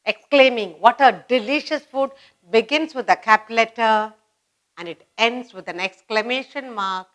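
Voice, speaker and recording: A woman's voice: a little high, normal speed, fairly bright tone. A woman teaching a children's grammar lesson, repeating each example sentence and explaining it step by step. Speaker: English teacher.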